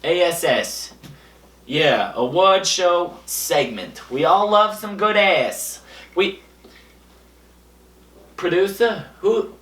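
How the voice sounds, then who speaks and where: A young man hosting a comedy show, delivering a deadpan monologue full of absurd boasts, his voice jumping between high and low. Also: very slow, pauses often. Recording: echoey room, a bit far from the mic.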